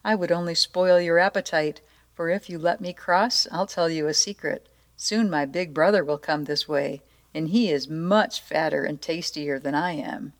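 A calm, clever billy goat, played by a woman reading aloud, polite and persuasive. His voice sits a bit low, close to the reader's own. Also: normal speed. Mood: coaxing.

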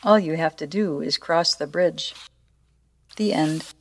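Woman reading a kids story, lowish voice, playful and expressive. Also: unhurried. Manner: playful, expressive narration with asides. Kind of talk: storybook read-aloud.

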